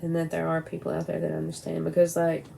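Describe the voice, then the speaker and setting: A woman's voice: deep voice, monotone, fast, gravelly, dark tone, a little hiss or hum, low-quality recording. A middle-aged woman talking candidly and bluntly to camera at home, rambling and swearing now and then. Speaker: vlogger. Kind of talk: casual personal talk to camera. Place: at home by a window at night.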